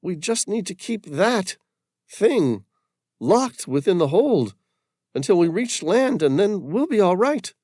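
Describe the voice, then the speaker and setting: A man's voice: big pitch swings, takes it slowly, a little mellow, dry recording, studio quality, exaggerated voice. A man doing a frightened, incredulous fisherman. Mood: alarmed. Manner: high-pitched, alarmed, pleading.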